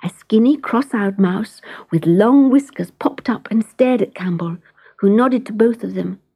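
Slow, husky woman reading a storybook. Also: mid-range voice, dry recording, studio quality. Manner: gentle, expressive, often dropping to a whisper.

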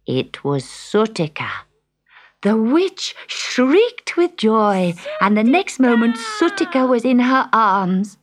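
Slow, expressive woman storyteller. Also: fairly high pitch, noisy background. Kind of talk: storybook narration. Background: music.

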